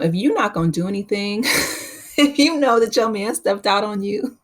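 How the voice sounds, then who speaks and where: A woman hosting a casual, opinionated recap of a reality TV episode, talking in a chatty way full of fillers. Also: fairly low pitch. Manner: chatty, opinionated, many fillers like "you know". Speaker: YouTube reality TV recap host.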